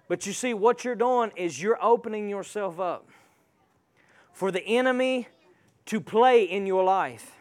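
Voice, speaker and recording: A man's voice: high voice, measured pace. A man preaching a sermon, emphatic and calling out to the congregation.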